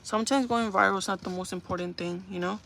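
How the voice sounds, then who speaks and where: A young woman chatting casually to viewers on a makeup livestream, telling stories in an animated, talkative way. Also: mid-range voice, fast, vocal fry, slight background noise.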